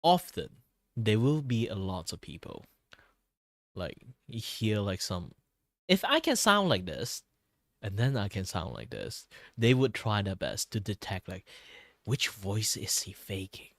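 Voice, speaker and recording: A young man whose first language is Cantonese rambles casually, full of fillers and restarts. His voice is low and relaxed, worn a little tired from long talking. The sound is dry and close to the mic. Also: a little slow, creaky, no room sound. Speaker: streamer. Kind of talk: casual chat while drawing.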